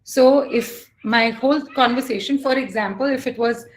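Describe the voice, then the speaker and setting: Woman coach, kinda high voice, earnest, shares personal stories in a live talk. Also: normal speed. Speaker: life coach.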